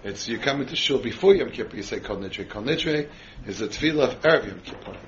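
A man's voice: medium pitch, lo-fi sound, a little hiss or hum. Man giving a Torah class, full of questions. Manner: quizzes the audience with frequent questions. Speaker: rabbi teaching a class.

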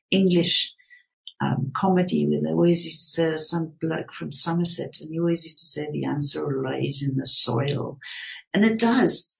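Gravelly-voiced enthusiastic woman host. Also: fairly low pitch, darkish tone, rough recording. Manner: effusive, enthusiastic prompting. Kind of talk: radio interview.

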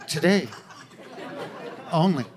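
A man's voice: on the high side, takes it slowly, voice pushed down. A man mimicking his gushing shopping-mad wife. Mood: breezy. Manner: breathless, gushing, fixated on the discount. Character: excitable wife on a shopping spree. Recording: live stage with crowd and noise.

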